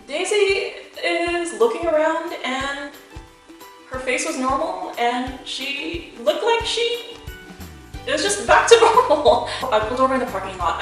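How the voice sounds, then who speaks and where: A woman's voice: high voice, fairly bright tone. A woman vlogger telling a storytime vlog in a chatty way, full of fillers. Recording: echoey room, distant mic, faint music.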